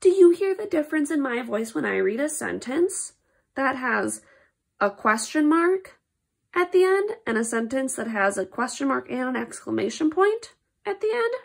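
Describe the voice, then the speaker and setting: A woman's voice: high voice, very animated, normal speed, vocal fry. Playful woman reading aloud to children. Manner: playful, exaggerated reactions to silly words. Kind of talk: read-aloud lesson for children.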